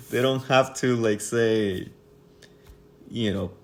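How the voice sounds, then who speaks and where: A man's voice: medium pitch, extremely slow. A man co-hosting a casual film-review podcast, amused, laughing mid-sentence and restarting his thoughts. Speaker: podcast co-host.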